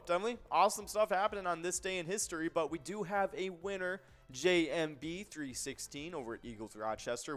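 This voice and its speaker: A man with a slightly higher-pitched voice hosts a live bingo stream, calling out winners, jackpots and league nights. He keeps things upbeat and energetic. He laughs easily with his co-host. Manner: energetic, hypey, quick to laugh.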